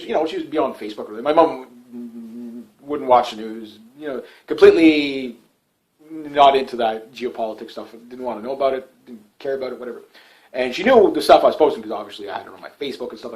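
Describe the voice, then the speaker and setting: A man's voice: medium pitch, darkish tone, rough recording. A middle-aged man delivering a casual political monologue to his channel, rambling and repetitive with frequent restarts. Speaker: political YouTuber.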